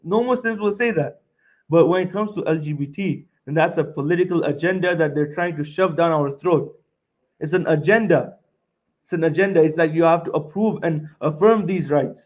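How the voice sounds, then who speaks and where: A young man lectures a seminar audience in a fairly high voice, pressing each point and circling back to repeat it. He keeps checking in with a quick "right?" between lines. The recording is dull and lo-fi. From Montreal, Canada.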